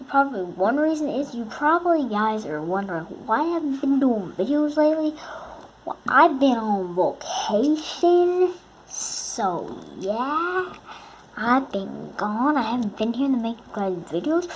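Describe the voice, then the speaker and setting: A woman's voice: on the high side, big pitch swings, measured pace, slight background noise. A woman giving casual, playful gameplay commentary to her viewers, goofing around and humming little sound effects. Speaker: gaming video creator.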